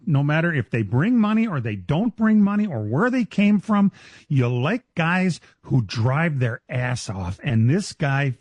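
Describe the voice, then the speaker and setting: A man hosting a racing talk radio show, chatting casually and excitedly with frequent laughs and restarts. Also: fairly high pitch, no echo.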